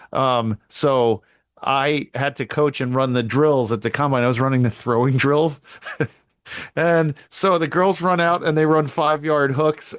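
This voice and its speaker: A middle-aged man co-hosting a casual podcast who tells stories animatedly and jumps up in pitch when he acts out what people said. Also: dry recording, studio quality. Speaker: podcast co-host; girls flag football coach. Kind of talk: casual chat.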